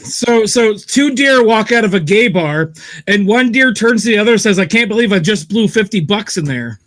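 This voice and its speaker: A man's voice: high-pitched, animated, moderate pace, a bit bright. A man in casual chat, telling jokes in a rambling way, repeating himself and laughing.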